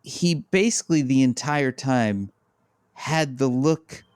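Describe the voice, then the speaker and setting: Man podcast co-host, very slow pace, smooth clear voice, deliberate commentary. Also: medium pitch, darkish tone, dry recording, studio quality. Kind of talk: casual chat.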